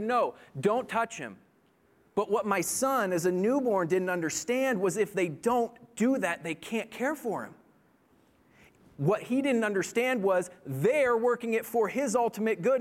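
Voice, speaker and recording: A man preaching a sermon in an earnest manner, telling a personal story and building to impassioned appeals. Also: very high voice. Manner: earnest, rising to impassioned pleading. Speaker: pastor.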